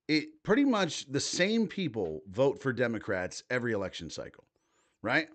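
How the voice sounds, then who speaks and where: A man's voice: mid-range voice, very animated, moderate pace, a bit bright. A man in his thirties hosting a livestream, reading posts aloud and reacting with casual, profane commentary. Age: 30s. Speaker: livestream host.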